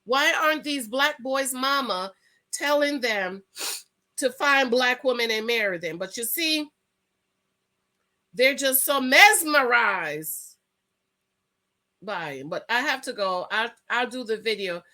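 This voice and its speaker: Middle-aged woman vlogger, lively storyteller, sharp tense tone, casual talk to camera. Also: slow pace, long pauses. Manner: animated storyteller, big swings in pitch and loudness. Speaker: channel host. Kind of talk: casual vlog monologue.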